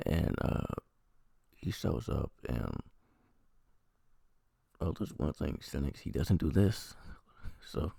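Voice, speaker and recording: Male vlogger, very low and husky, dark tone, dry close sound; loose profane episode recap. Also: very animated, unhurried, pauses often, dry recording. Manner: rambling, profane plot recap. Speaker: TV review vlogger. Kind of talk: casual episode review.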